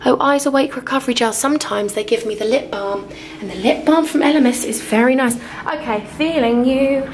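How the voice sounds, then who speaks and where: Fast-talking woman vlogging. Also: fairly high pitch, reverberant. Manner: animated, acts out both sides of conversations. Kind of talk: chatty storytelling vlog. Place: hotel room.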